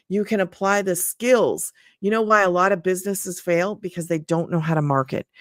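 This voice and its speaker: An older woman hosting a casual live stream. She pitches an online business to viewers, thanks them by name and repeats herself often. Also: no room sound, clean studio sound. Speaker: livestream host selling an online business program. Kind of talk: casual livestream sales talk.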